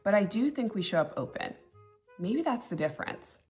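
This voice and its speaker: A woman's voice: mid-range voice, sing-song, moderate pace, a little mellow, faint music behind. An American woman in casual vlog talk, conversational and full of personal anecdotes. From United States. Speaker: social media commentator.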